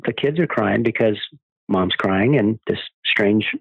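A man in his forties or fifties who founded a charity giving cars away tells stories earnestly as a guest in an interview. His voice is fairly low and a little slow, with vocal fry and a breathy edge. The recording is dry, with a narrow, phone-like sound.

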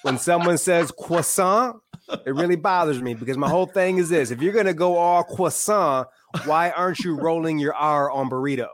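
A man in his thirties from Michigan, a guest and author, talking in a relaxed, wry, opinionated way. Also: on the high side, quick pace, few pauses, a little hiss or hum. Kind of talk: casual chat.

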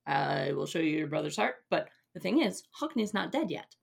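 A woman's voice: low voice, animated, moderate pace, vocal fry, breathy edge, exaggerated voice. A woman voicing a greedy scheming king in a retold legend, with blunt, demanding lines.

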